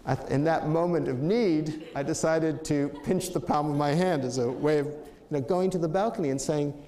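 A man's voice: fairly high pitch, moderate pace, dark tone, echoey room. An older man giving a talk, telling a story in a reflective, anecdotal way with fillers and restarts. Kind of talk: storytelling lecture.

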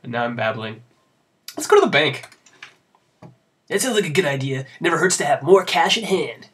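A man's voice: fairly high pitch, big pitch swings, normal speed, a bit bright. A young man commenting sarcastically over a visual novel he plays, rambling and laughing at it. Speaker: let's play host. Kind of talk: casual gameplay commentary.

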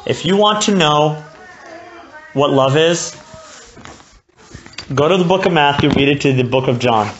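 A woman's voice: sits low, expressive, unhurried, pauses often, dull audio, slight background noise. A woman preaching a sermon at a church gathering, talking in a conversational way and acting out the voices she quotes.

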